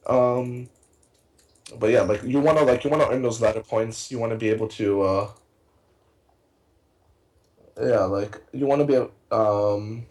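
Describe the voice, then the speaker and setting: Young male co-caster, casual and rambling, full of fillers, excitable. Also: medium pitch, normal speed, rough recording. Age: young adult. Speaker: tournament co-caster. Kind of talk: casual esports casting.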